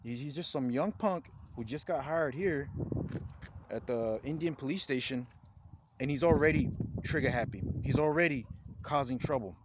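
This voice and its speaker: An agitated man vents a long complaint straight to camera in a middle-pitched voice. He circles back on the same points, swearing and sounding indignant throughout. Steady background noise and passing vehicle sounds sit under his voice. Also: normal speed. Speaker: vlogger filing a complaint. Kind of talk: angry rambling complaint to camera.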